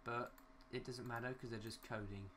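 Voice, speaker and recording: A man's voice: medium pitch, fairly even intonation, normal speed, bright, forceful tone, a little hiss or hum. Rambling young man narrating his gameplay. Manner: rambling, talks to himself, mild swearing. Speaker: gaming YouTuber. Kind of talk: casual gameplay commentary.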